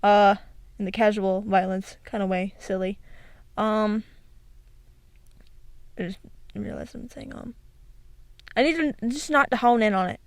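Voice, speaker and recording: A woman's voice: medium pitch, measured pace, pauses often, no room sound. A young woman chatting casually on her own into a desk microphone, rambling and giggling with many restarts. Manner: rambling, giggly, self-interrupting. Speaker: video creator. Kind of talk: casual solo commentary. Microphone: desk microphone with echo filter.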